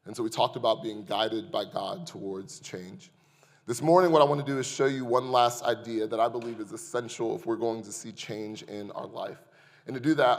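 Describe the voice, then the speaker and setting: A man preaching to his congregation in a middle-pitched voice, mixing scripture points with a lively, joking personal story. His voice carries a long reverb tail from the large church sanctuary he is speaking in. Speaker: pastor. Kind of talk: sermon with humorous storytelling.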